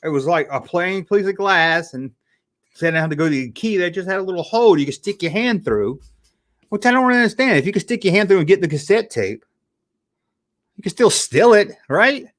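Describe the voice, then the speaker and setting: A man with a fairly high voice that swoops up and down, chatting loosely on a live stream. He rambles and reacts to chat, swears casually and stumbles into stammered restarts. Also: expressive, brisk, fairly bright tone.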